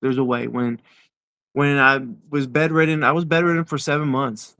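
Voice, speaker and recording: A man in his forties, an interview guest telling his personal story in a halting way, repeating words as he goes. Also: medium pitch, fairly even intonation, pushed and bright, clean tone.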